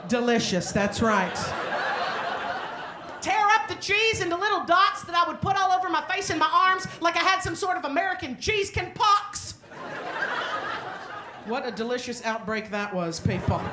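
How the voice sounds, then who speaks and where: A woman stand-up comedian, telling crude, animated stories on a comedy club stage into a handheld mic. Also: very high voice. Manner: brash, crude, animated storytelling. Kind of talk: stand-up set. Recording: echoey club with loud crowd and noise.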